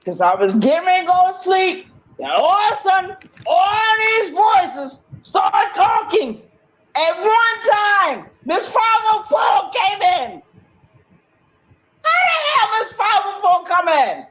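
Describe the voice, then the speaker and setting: Agitated woman ranting slowly, lo-fi sound. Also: very high-pitched, very animated, a bit bright. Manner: emphatic, swears often, repeats herself. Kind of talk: agitated rambling monologue.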